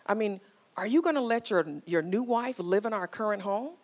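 A woman's voice: mid-range voice, lively intonation, normal speed, natural voice. A woman voicing a wife in a joke who asks her husband pointed, rising questions. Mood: probing. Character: probing golfer wife in a joke.

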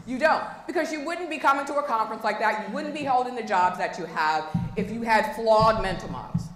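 A woman's voice: on the high side, brisk, fairly bright tone. A woman giving a motivational talk at a conference, engaging the audience with frequent questions. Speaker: conference speaker. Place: conference room. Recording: echoey hall with long reverb, faint noise.

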